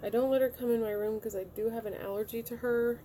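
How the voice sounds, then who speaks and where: A woman in her thirties, a beauty vlogger, chats casually at home while walking through each step of a makeup look. Her voice is slightly high, mellow and steady, and she talks fast. There's a bit of background noise.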